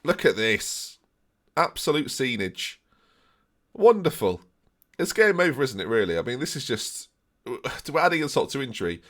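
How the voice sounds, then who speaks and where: Lively, excitable young man streaming a game. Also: medium pitch, normal speed, long pauses. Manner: excitable, jokey, addresses viewers. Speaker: gaming streamer. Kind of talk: live game commentary.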